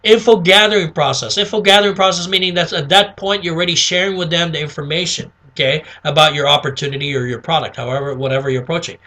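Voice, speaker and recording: A high-pitched man runs a casual sales lesson. His voice is bright and forward, and he keeps checking in with "okay?" while acting out little phone calls. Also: steady tone, quick pace, few pauses. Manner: chatty, repeats "okay?", acts out sample phone calls. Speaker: sales trainer. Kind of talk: casual instructional talk.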